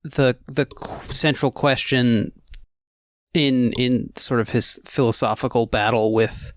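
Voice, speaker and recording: A man co-hosting a podcast, talking about films in a rambling, halting way with many restarts. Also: mid-range voice, steady tone, fairly bright tone, no room sound, studio quality. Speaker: podcast co-host. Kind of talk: casual film discussion.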